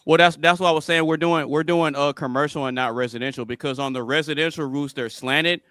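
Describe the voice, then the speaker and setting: A man hosting a live-stream panel, talking in a relaxed, conversational way. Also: a little high, brisk, dry recording, studio quality. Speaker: host.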